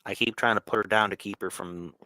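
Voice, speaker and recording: Guy rambling on a live stream at home, bright low voice, dry close sound. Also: fairly even intonation, fast, no room sound. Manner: chatty, talks to his cat and reads chat questions. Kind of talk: casual live stream chat. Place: home, on a couch.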